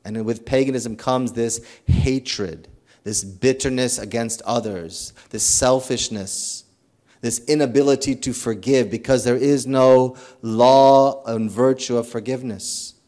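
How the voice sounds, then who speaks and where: A priest delivers a sermon in an earnest, storytelling manner. He is a man of average pitch who stumbles into restarts and repeats words as he works through his thoughts. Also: measured pace. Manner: earnest, animated storytelling with acted quotes.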